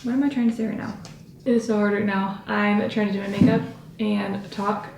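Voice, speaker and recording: A woman's voice: mid-range voice, flat delivery, a little fast, a little mellow, reverberant, slight background noise. A young woman vlogging at home, rambling and chatty with lots of fillers as she talks to the camera while doing her makeup. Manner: rambling, filler-heavy, self-interrupting. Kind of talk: chatty vlog talking to camera.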